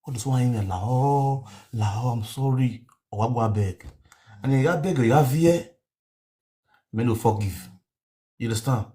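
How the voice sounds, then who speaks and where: This man's voice is mid-range and a little slow, broken by long pauses. Hosting an online show, he tells a meandering live-stream story in a Nigerian accent, animatedly repeating words and switching between pidgin and a local language.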